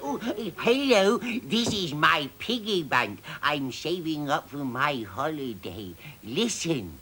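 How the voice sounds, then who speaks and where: A performer voicing a gentle, shy puppet character on a children's show, soft and sweet. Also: medium pitch, very animated, slow pace, slightly rough, faint music behind, exaggerated voice.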